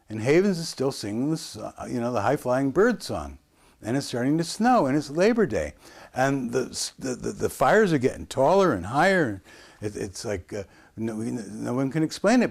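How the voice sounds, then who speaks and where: His mid-range voice is a little mellow. A man in his sixties from the U.S., he's a guest in an interview, telling a meandering story marked by frequent pauses and restarts.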